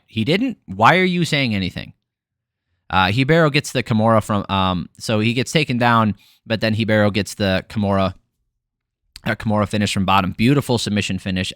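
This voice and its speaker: Blunt, low-voiced man recapping fights. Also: a bit bright, dry recording, studio quality. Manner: blunt, frustrated, swears freely, many fillers. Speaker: MMA podcast host. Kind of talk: casual fight recap commentary.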